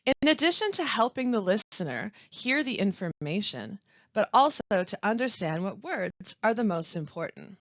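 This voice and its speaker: A woman teaching pronunciation in a scripted webinar, speaking slowly and carefully with deliberate pauses. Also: mid-range voice, big pitch swings, a bit bright, no echo. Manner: slow, careful, deliberate delivery with clear pauses. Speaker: language support specialist. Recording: dry, dull lo-fi voice-over.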